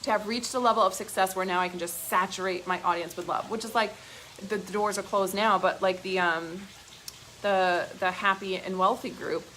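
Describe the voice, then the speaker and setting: A woman coaching her followers on a live stream, swearing freely and pressing every point hard. She sits at a middle pitch, talks in a gushing, excited rush broken by fillers, and a faint hum of noise lies under her voice. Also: normal speed, poor audio. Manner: emphatic and profane, with frequent fillers. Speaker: business coach. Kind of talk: live-stream pep talk.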